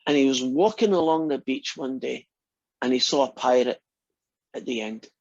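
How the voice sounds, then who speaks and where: Husky chatty teacher on a call. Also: mid-range voice, moderate pace, dry recording, dull audio. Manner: chatty, encouraging, laughs easily. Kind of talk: online class, casual joke telling.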